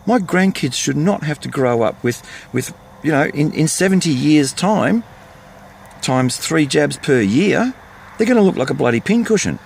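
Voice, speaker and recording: Older Aussie bloke, gravelly and fired-up, blunt rant from his vehicle. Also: a little high, lively intonation, normal speed, a little hiss or hum. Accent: Australian. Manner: fired-up, ranting, blunt and repetitive. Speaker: vlogger. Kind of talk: impassioned monologue to camera.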